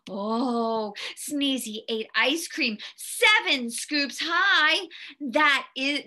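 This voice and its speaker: Slow, very expressive woman reading storybook aloud. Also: high-pitched. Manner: very expressive, with gasps and hushed whispery asides. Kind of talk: reading a picture book aloud to children.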